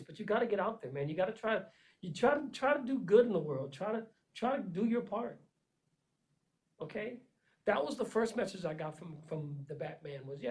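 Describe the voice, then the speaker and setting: Earnest man giving a motivational pep talk. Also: poor audio. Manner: emphatic and repetitive, swinging between loud urging and low intensity. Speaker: vlogger giving life advice. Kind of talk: motivational monologue.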